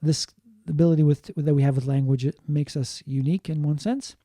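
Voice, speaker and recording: A man lecturing on linguistics in a mellow, fairly high voice, recorded dry and close. He explains patiently, repeating key points and slipping in short Japanese glosses. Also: steady tone, brisk, dry recording. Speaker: linguistics teacher. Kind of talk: online lecture.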